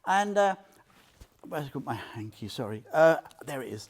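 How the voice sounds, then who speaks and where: A man's voice: on the high side, big pitch swings, moderate pace. An older man giving an informal Buddhist talk, chatty and heartfelt, often checking in with "yeah?" and "you know". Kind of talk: informal Dharma talk with personal stories.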